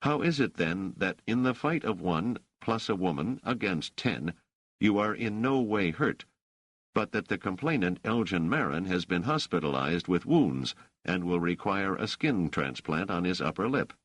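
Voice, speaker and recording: A man voicing a stern police officer who questions suspects in a flat, probing, faintly sarcastic way. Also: sits low, normal speed, dry recording, pitched above the performer's own voice. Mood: interrogating. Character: stern male police officer, coolly interrogating.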